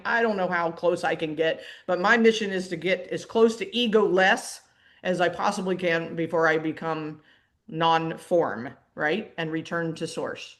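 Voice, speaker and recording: A middle-aged woman, a mindset coach, talking through her ideas in a lively, rambling way, often restarting sentences and laughing. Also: lowish voice. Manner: animated, self-interrupting, laughs often. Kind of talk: casual teaching monologue.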